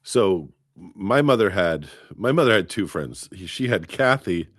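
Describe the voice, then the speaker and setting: A man's voice: sits low, unhurried, no echo, clean studio sound. A man co-hosting a podcast, chatting casually and telling stories with animation. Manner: storytelling, animated. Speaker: podcast co-host. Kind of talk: casual chat.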